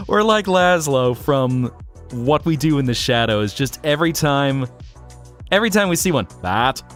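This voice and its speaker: A man chatting casually on a live stream, playful and animated, swearing and laughing often. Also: a little high, a little slow, faint music behind. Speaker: VTuber streamer.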